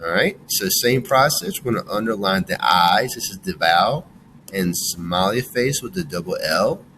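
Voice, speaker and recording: A rough recording with slight hiss or hum carries a man's low, animated, sharp-toned voice. He's teaching children phonics at a slow pace: each letter gets sounded out in turn, each word is worked through with the class, and he praises them as he goes.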